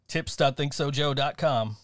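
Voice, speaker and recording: A man's voice: mid-range voice, no echo, clean studio sound. A man co-hosting a casual podcast, laughing often and swearing casually. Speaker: podcast co-host. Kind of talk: casual chat.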